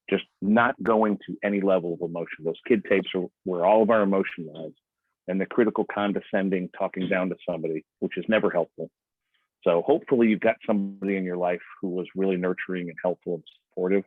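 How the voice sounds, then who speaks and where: A man coaches on a video call in a loose, chatty way, slipping into little voices for the quotes he gives. His voice sits fairly low. It comes through a tinny, phone-like line with no room sound. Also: steady tone, quick pace, dry recording. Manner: conversational, acts out quoted speech in other voices. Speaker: sales trainer.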